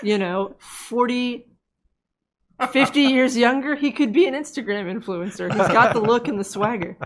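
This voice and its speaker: A woman's voice: on the high side, normal speed, noisy background. A woman co-hosting a casual tech news show, adding dry, wry remarks.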